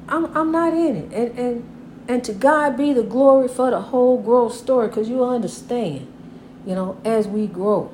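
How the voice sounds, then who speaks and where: A woman's voice: fairly high pitch, moderate pace, darkish tone, slight background noise. An older woman, a grandmother, giving casual inspirational advice about God in a folksy, repetitive way, calling the listener honey. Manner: preachy, God-centered encouragement.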